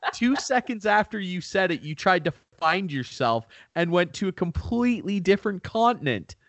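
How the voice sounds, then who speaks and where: A man's voice: sits high, big pitch swings, moderate pace, hardly any pauses, fairly bright tone, no room sound. A young man co-hosting a podcast, chatting casually with lots of "like" and "dude" and some swearing. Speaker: podcast co-host. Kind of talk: casual chat.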